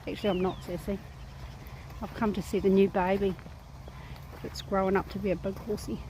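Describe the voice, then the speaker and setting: A woman's voice: mid-range voice, little pitch movement, fairly quick, warm tone, slight background noise. A woman filming a vlog outdoors on a horse farm, cooing to the horses in affectionate baby talk. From New Zealand. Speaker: vlogger. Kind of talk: casual vlog talking to horses.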